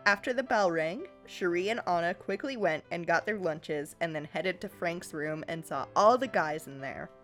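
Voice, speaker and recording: A woman co-hosting a comedy podcast, reading fanfic aloud and joking, animated and laughing often. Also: on the low side, normal speed, few pauses, soft background music. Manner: animated, laughs often, reads in quoted voices. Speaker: podcast co-host.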